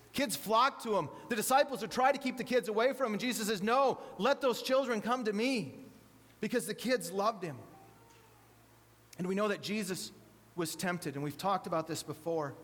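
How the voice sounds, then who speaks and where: High-voiced man preaching in an echoey hall. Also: fairly bright tone. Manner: conversational, repeats words, asks the audience questions. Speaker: preacher speaking to a congregation with children. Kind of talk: sermon.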